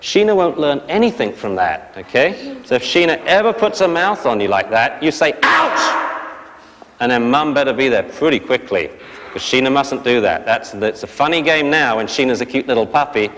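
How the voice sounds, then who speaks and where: A man teaching a dog training class, explaining briskly and barking short sharp commands at the dogs. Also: medium pitch, expressive. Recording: long hall reverb.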